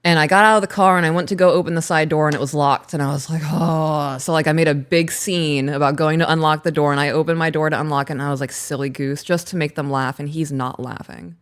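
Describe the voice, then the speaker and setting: A woman in her thirties, co-hosting a casual chat and telling a story in an animated way, laughing as she talks. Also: low-pitched, quick pace, few pauses, clear, resonant tone. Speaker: podcast co-host.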